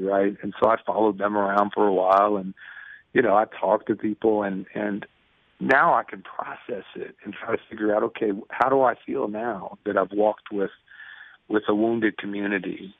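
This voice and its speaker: A man in his fifties speaks earnestly and acts out scenes as he tells a story. His voice sits low, and it comes through a thin, tinny phone line with no room sound. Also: vocal fry, dry recording. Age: 50s. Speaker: guest, prison ministry speaker. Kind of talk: conversational interview over the phone.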